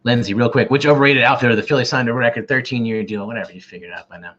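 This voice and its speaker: A quiz host runs a casual trivia livestream, joking and rambling with self-deprecating humor. His mid-range, fairly bright voice comes rapid-fire through a camera mic, captured as dull lo-fi livestream audio.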